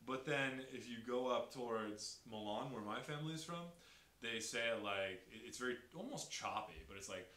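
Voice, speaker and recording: A man chatting energetically on a podcast, explaining language and accents with lively enthusiasm. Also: mid-range voice, normal speed. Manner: energetic, imitates Italian accents. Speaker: podcast guest. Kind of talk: casual podcast chat. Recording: echoey room with faint hiss.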